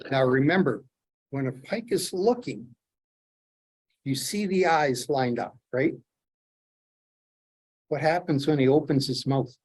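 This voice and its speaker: A middle-aged man from Canada telling lively fishing stories while demonstrating fly tying to a club audience. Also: a little high, takes it slowly, pauses often, slightly rough. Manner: animated storyteller, acts out his own excitement. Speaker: fly tier, presenter.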